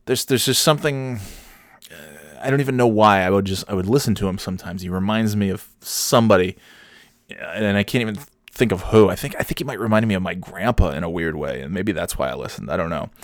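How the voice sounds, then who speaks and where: A man in his thirties with a lowish voice rambles through a solo podcast monologue, swearing freely and poking fun at himself. The sound is dry and close, with no room around it. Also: fast, dry recording. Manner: rambling, self-deprecating, profane. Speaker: podcast host.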